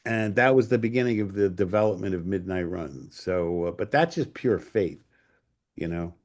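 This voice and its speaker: A man in his sixties with a somewhat low voice, spinning profane stories from his career. He is from Port Chester, New York, and slips into quick impressions of the people he quotes. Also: lively intonation, darkish tone. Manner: salty, profane anecdotes acting out others' lines. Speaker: guest filmmaker. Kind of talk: casual storytelling interview.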